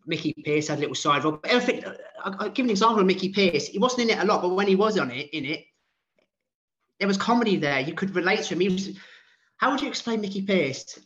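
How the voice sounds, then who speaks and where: A man's voice: high voice, lively intonation, quick pace, a bit bright. Chatty man in his late thirties, lo-fi. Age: 30s. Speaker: podcast host. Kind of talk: casual chat. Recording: dull lo-fi sound.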